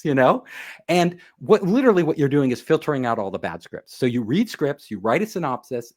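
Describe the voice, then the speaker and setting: A man, a guest on an interview show, telling a story in casual conversation and acting out the people in it. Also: fairly high pitch. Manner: animated, acts out quoted dialogue.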